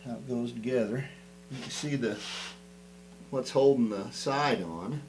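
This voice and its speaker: Guy tinkering with an old guitar, folksy, talks while he works, mid-pitch, faint hum in the background. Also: measured pace, a little mellow, rough recording. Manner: rambling, folksy, thinks aloud while working. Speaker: guitar repair vlogger. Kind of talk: casual workshop talk to camera.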